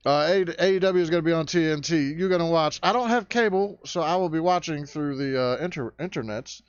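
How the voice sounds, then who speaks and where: A man's voice: on the high side, fairly quick, clean tone, dry recording. A man hosting a profane rant vlog, talking in a crude, sarcastic and fired-up way. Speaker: vlog host ranting. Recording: dull, lo-fi dry recording.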